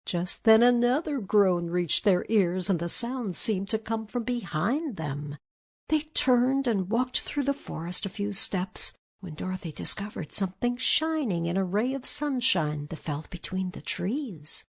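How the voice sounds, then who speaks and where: Husky woman reading a storybook. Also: mid-range voice, animated, measured pace. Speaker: narrator. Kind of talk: scripted storybook narration.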